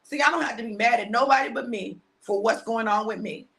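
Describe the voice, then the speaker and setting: A woman in her fifties hosting a live stream, giving a casual motivational talk to her viewers. She speaks with heavy repetition and emphasis, preaching at times and dropping into hushed asides. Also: a little high, brisk. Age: 50s.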